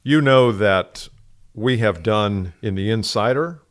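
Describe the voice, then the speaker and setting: A man with a fairly low voice hosts a sales podcast. He chats casually and rambles through stories with animated swings in emphasis. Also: takes it slowly. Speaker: podcast co-host. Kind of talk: casual chat.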